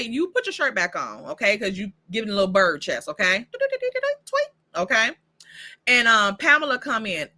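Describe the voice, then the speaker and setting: A woman with a bright, lively voice that jumps around in pitch, recapping a TV episode in a casual, profane way. She talks straight back at the characters as if they could hear her. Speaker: host of a TV recap channel. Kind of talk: casual reaction review.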